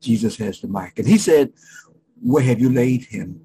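A middle-aged male pastor preaching a sermon, emphatic, with dramatic pauses and frequent restarts. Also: medium pitch, lively intonation, dark tone, a little hiss or hum, rough recording.

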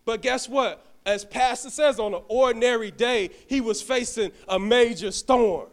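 In a church sanctuary, a man with a very high voice preaches a sermon as a deacon, speaking at normal speed. He tells a personal story and addresses the congregation directly, often stumbling and restarting his words.

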